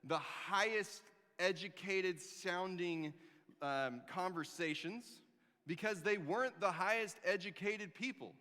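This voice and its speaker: A pastor preaching a sermon, telling the story with animated jokes and sarcastic asides. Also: male voice, high-pitched, slow pace. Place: church. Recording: long reverb of a church hall.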